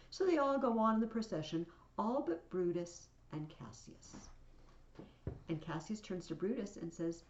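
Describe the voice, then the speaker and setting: A woman's voice: mid-range voice, expressive, normal speed, a little mellow, roomy sound, muffled recording. A woman teacher casually explaining a play to a class, with chatty asides, reading scenes aloud.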